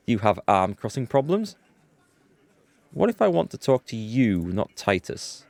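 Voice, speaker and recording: A lively, low-pitched man talks through a game session, thinking aloud and reading on-screen dialogue in a chatty, amused way. His voice swings up and down as he goes. It sounds close-miked and dry, with no room sound. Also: a little slow, vocal fry, no echo. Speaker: let's play host.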